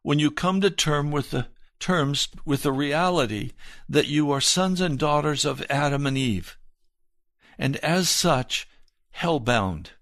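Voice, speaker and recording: A man preaching a sermon as pastor, reading aloud and speaking in an earnest, measured way that drops soft and low for emphasis. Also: expressive, no room sound, studio quality.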